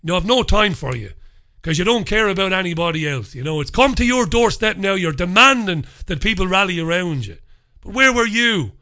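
An unwell man hosts his own show alone, launching into a fiery, foul-mouthed rant. His voice sits high for a man, with a bright, piercing edge. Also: expressive, brisk. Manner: heated, profane, forceful ranting. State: unwell with a lingering infection. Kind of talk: solo monologue, ranting commentary.

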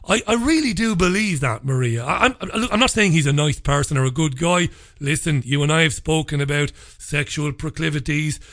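A man's voice: a little high, a bit bright. Earnest rambling male podcast host. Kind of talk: podcast conversation.

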